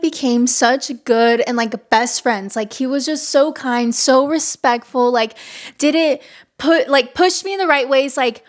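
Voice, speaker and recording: A somewhat high-voiced young woman in her twenties hosts a solo podcast, talking casually and warmly. She gushes, leans on "like" constantly, and her voice keeps edging toward emotional giggles. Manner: chatty and gushing, heavy use of "like" fillers. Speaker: podcast host.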